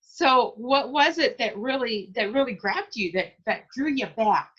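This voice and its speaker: A woman hosts a casual interview podcast, chatty and encouraging as she questions her guest and laughs easily. Her voice is a little high, bright and husky, expressive and a little slow, over dull, lo-fi audio.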